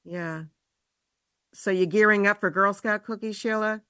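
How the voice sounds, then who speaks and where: An older woman from New Jersey with a New Jersey accent, co-hosting a call-in radio show in a chatty way, laughing easily and reading out numbers slowly. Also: mid-range voice, fairly even intonation, pushed and bright, dry recording, clean studio sound. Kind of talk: casual radio chat.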